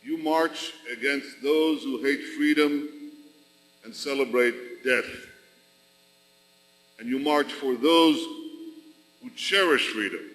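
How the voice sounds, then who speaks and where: Guy from israel giving a big rally speech, slow and punchy, bright voice, long echo off the arena. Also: medium pitch. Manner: slow, deliberate, emphatic with rhetorical repetition. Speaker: national leader addressing a rally. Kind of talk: formal public speech. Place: large arena.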